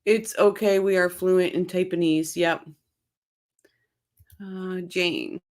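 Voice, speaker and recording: A woman with a voice on the low side, a steady tone and a slow pace reads her viewers' chat during a casual livestream. Hailing from Ontario, Canada, she talks to them by name and laughs often.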